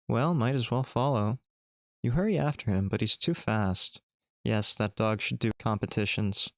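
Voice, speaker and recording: Male streamer narrating a text adventure with playful asides; gravelly, dry. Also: lowish voice, no echo. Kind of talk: reading a text adventure game aloud.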